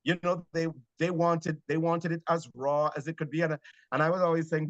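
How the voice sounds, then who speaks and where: A man from Jamaica with a Jamaican accent, a theater actor telling stories in an interview, animated but hesitant. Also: fairly high pitch, a little fast, no echo, lo-fi sound. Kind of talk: conversational interview.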